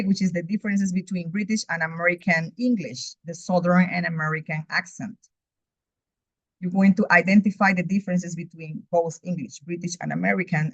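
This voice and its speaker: A woman's voice: fairly low pitch, no echo. A woman teaching English, whose first language is Spanish, reading methodically through a course outline in a recorded overview. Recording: dull lo-fi recording, dry.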